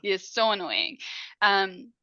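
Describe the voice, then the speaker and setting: A woman co-hosting a podcast, casually recapping a movie with lively acted quotes and frequent swearing. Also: medium pitch, a little slow, no echo, dull audio. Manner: animated retelling with acted quotes, swears freely. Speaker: podcast co-host.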